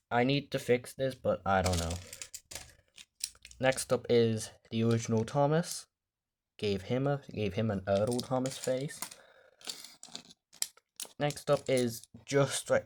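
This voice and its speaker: A man's voice: mid-range voice, a little mellow, a little hiss or hum. A man casually showing his toy collection in a vlog, rambling off the cuff and swearing when the camera loses focus. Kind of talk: casual show-and-tell vlog.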